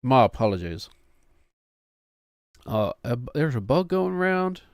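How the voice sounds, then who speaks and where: A man's voice: medium pitch, sing-song, a little slow, no echo, clean studio sound. A man in his thirties, a streamer who chats casually in a rambling, wry, self-mocking way. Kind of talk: casual chat.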